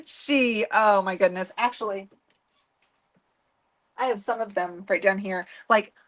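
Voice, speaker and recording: A woman's voice: medium pitch, a little slow. A woman co-hosting a casual beading livestream, talking in a rambling way with many fillers and restarts. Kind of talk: casual chat.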